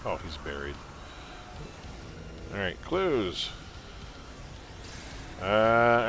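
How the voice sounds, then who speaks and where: A man's voice: mid-range voice, lively intonation, normal speed, a bit bright, slight background noise. A man from Canada with a mild Canadian accent, chatting casually as he streams a game and reads its text aloud. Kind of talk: casual live-stream commentary.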